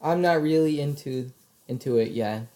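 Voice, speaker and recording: A man reading a visual novel's lines aloud and chatting casually, with halting restarts. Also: on the high side, background noise. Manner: slow, halting, laughs often. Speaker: let's play co-commentator. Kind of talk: casual game commentary.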